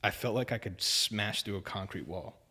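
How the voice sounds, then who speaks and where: Guest, young adult male, low register, loose, filler-heavy storytelling. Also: moderate pace, sharp tone, slightly rough. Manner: rambling, filler-heavy, says "like" and "dude" often. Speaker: podcast guest. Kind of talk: casual storytelling chat.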